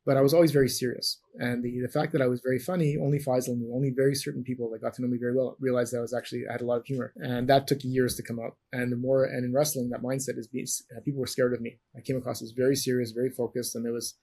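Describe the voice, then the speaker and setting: Fast, gravelly-voiced man telling stories. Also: medium pitch, flat delivery, warm tone. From Canada. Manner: rambling, self-interrupting, many restarts. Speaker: guest, former champion wrestler. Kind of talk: storytelling interview answers.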